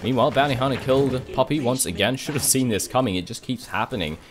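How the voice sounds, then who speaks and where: A man giving rapid play-by-play commentary on a video game match, getting louder and higher in the big fights. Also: a crowd in the background. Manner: rapid, excitable, rises sharply in big fights. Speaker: esports commentator.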